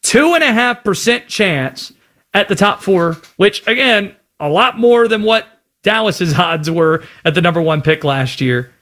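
Male sports talk host from North Carolina, high, lively pitch. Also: measured pace. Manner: animated, chatty.

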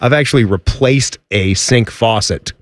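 A man's voice: mid-range voice, a little slow, dry recording. A man hosting a talk show in a laid-back way, steering the chat and laughing along. His voice sits in a middle range and sounds close and dry. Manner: relaxed, laughs easily, leads the segment. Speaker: radio host. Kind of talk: casual chat.

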